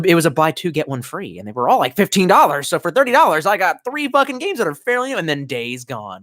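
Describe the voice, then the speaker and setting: Brief: young male streamer, rambling profane rant, fairly high voice that swings widely, close and dry mic. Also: no echo. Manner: profane, rambling, animated storytelling. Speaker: live streamer. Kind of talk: casual live stream rant. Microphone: close desk mic.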